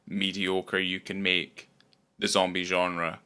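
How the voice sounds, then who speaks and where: Deep-voiced swearing man, rambling. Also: level tone, slow, sharp tone, clear, resonant tone. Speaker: podcast co-host. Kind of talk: casual film chat.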